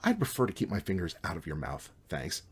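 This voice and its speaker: A man voicing a skeptical, sarcastic young male roommate in a dry, deadpan way. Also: sits low, brisk, breathy edge, exaggerated voice.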